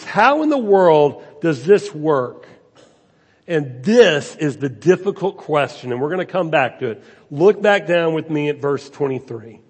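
A man's voice: fairly high pitch, a little mellow, husky. A man preaching a sermon as a pastor, with rhetorical questions and emphasis that rises and falls. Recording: long hall reverb.

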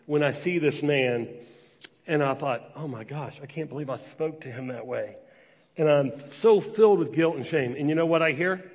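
A man in his forties preaching a sermon, telling a personal story conversationally and acting out the voices in it. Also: medium pitch. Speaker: pastor. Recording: long reverb of a large hall.

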